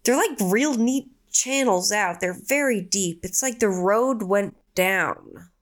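A woman reading a session transcript aloud, describing things in a halting, searching way with many fillers. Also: medium pitch, expressive.

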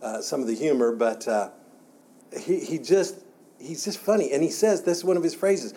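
A man's voice: mid-range voice, lively intonation, normal speed, mellow, slight background noise. A man teaching a church Bible class in a conversational way, often repeating words and restarting his sentences.

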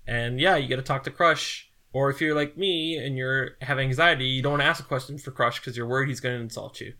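A man co-hosting a podcast in casual chat, animated and joking as he rambles along. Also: medium pitch, fast. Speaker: podcast co-host.

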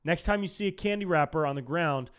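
A man's voice: on the high side, fast talker, smooth. A man hosting a solo podcast, ranting sarcastically and saying dude a lot. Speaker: podcast host.

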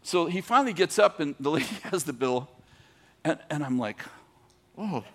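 Male podcast preacher, bright ringing tone, animated storyteller. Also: fairly high pitch, moderate pace. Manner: animated, laughing storyteller, rising to emphatic.

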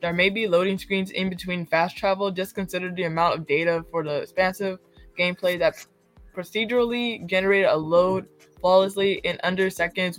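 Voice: medium pitch, a bit bright. A podcast co-host reading out gaming news items in a plain, matter-of-fact way.

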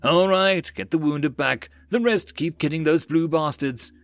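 A man voicing a gruff male Marine sergeant, barking orders in battle. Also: on the high side, unhurried, no echo, pitched above the performer's own voice. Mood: urgent. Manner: shouted orders, loud and urgent.

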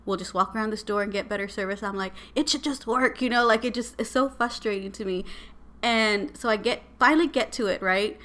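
A woman, telling a story as a podcast co-host in a casual, animated and exasperated way. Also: mid-range voice, brisk. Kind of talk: casual chat.

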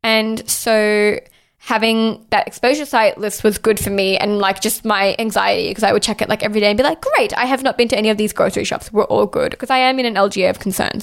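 Fast-talking exasperated young woman. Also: mid-range voice, gravelly. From Australia. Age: young adult. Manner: exasperated, heavy swearing, lots of "like". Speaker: podcast host. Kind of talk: casual ranting monologue.

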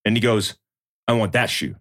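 A man's voice: fairly low pitch, normal speed, dry recording, studio quality. A man in his thirties in casual chat, telling a story and acting out the quotes. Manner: storytelling, animated, acts out quotes.

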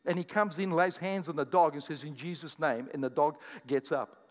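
An older man preaching a sermon as pastor, animated and jokey, often repeating his words. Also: fairly high pitch, a little fast. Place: church hall. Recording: echoey church hall sound.

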